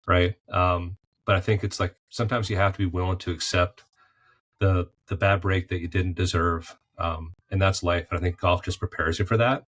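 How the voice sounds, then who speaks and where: Deep-voiced man telling reflective stories. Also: flat delivery, normal speed, fairly bright tone. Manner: explains through golf and faith analogies. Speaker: podcast guest, former golf pro turned artist. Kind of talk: reflective conversational storytelling.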